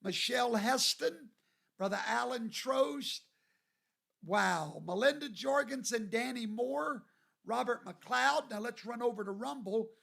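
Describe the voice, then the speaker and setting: A man from Louisiana, hosting a livestream and greeting viewers by name in a folksy, drawn-out way. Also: very high voice, creaky, fairly bright tone. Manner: folksy, drawn-out, reads viewer names aloud. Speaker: show host.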